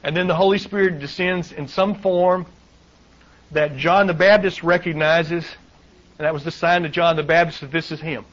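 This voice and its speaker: A man's voice: fairly high pitch, steady tone, moderate pace, fairly bright tone, dull audio. A middle-aged man preaching a sermon, reading scripture aloud and adding wry asides with chuckles. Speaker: pastor. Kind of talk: sermon, Bible teaching.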